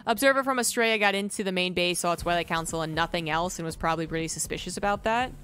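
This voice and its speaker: A woman's voice: fairly low pitch, fast talker, a bit bright, slight background noise. An American woman giving casual live game commentary as a caster, rambling and correcting herself as she goes. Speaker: esports caster. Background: music.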